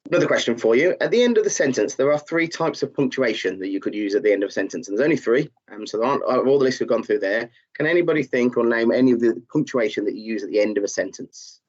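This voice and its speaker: A man's voice: mid-range voice, expressive, fast, hardly any pauses. A man teaching a live online lesson, encouraging learners and reading out their chat answers, with many fillers. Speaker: tutor. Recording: slightly dull, muffled audio.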